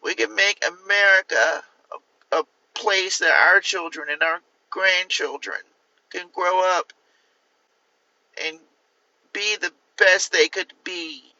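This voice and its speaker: A man's voice: sits high, slow pace, long pauses, bright, forceful tone, no echo, dull audio, voice pushed up, full character voice. A man doing a comic impression of a middle-aged woman politician, delivering an earnest, rambling stump speech.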